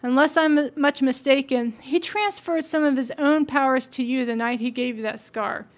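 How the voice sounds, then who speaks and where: Calm wise old wizard headmaster, read by a woman, high voice, even storybook reading. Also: moderate pace, close to an everyday voice. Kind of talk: audiobook-style reading aloud.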